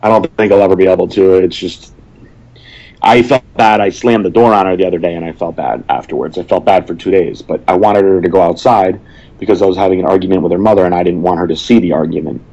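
Deep-voiced man talking bluntly. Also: quick pace, warm tone, highs cut off. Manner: plain-spoken, stern, hesitant with fillers. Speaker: guest. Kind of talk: casual podcast chat.

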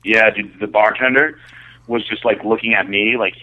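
A man's voice: lowish voice, moderate pace. Crude storytelling man on a tinny line. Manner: animated, crude, stammering restarts. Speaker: podcast co-host. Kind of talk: casual storytelling chat. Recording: tinny phone-like sound.

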